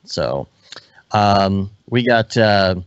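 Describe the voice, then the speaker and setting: A relaxed man co-hosting a live podcast, rambling and restarting his sentences as he chats. His voice sits a bit low, and the sound is dry and dull, like a lo-fi online call. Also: extremely slow, clear, resonant tone, dry recording. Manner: relaxed, rambling, self-interrupting. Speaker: podcast co-host. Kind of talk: casual live podcast chat.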